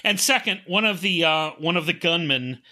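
A man's voice: a little high, lively intonation, moderate pace, pushed and bright. A man co-hosting a podcast in casual chat, jokey and sarcastic. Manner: jokey, sarcastic, breaks into silly voices. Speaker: podcast co-host.

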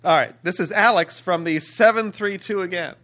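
A man co-hosting a podcast, chatting casually and reading out listener emails, quick to laugh. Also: high-pitched, fairly bright tone.

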